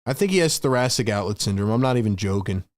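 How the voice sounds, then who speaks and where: A man hosting a fan livestream, calling play-by-play in excitable, frustrated, slangy talk. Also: fairly low pitch, fast, no echo. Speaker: host and play-by-play commentator.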